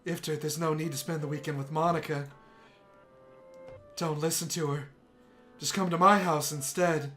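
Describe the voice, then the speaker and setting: A man voicing an obsessive, soft-spoken young woman, reading visual novel dialogue aloud in a hushed, intense voice. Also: a little high, fairly even intonation, normal speed, long pauses, faint music behind.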